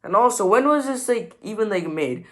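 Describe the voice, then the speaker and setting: A man's voice: sits high, expressive, moderate pace. A young man hosting a reaction video, mocking and exasperated, full of "like" fillers. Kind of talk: sarcastic reaction commentary.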